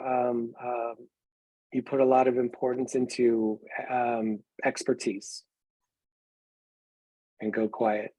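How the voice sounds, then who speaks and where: A man taking part in a coaching group, hesitant, with many pauses and fillers. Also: medium pitch, flat delivery, dark tone, dry recording, low-quality recording.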